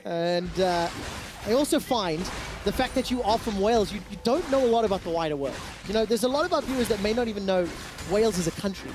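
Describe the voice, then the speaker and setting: A man's voice: high voice, expressive, quick pace, music in the background. A man casting a video game match play by play, full of teasing banter with his co-caster. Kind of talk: esports play-by-play commentary.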